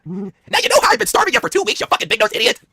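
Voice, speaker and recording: A man voicing a domineering, cruel wife in an improvised comedy skit, gloating and yelling in a falsetto. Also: wildly swooping pitch, very fast, gravelly, husky, no room sound, exaggerated voice. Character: bossy shrieking domineering wife of a wrestling boss.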